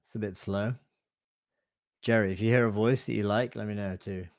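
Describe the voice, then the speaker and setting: A man presenting a live online software demo, thinking aloud in a relaxed, hesitant way with fillers and self-corrections. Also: lowish voice, normal speed, dry recording. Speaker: webinar presenter.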